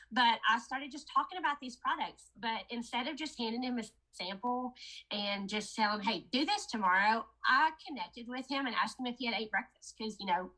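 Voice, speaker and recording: A woman with a fairly high, bright, forceful voice promotes a product during a casual training talk, telling her sales team a chatty story and calling them "you guys." The recording is rough.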